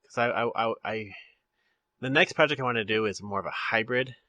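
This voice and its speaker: A man's voice: medium pitch, brisk, sharp tone, dry recording. A man hosting a podcast in casual chat, rambling with restarts and laughing often. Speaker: podcast host.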